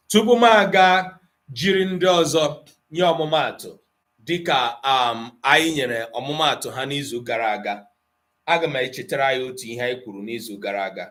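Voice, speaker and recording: A man's voice: mid-range voice, expressive, a bit bright. A man with an Igbo accent teaching an Igbo language class, explaining patiently and asking his students questions. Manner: explains slowly, switching between Igbo and English, quizzing students.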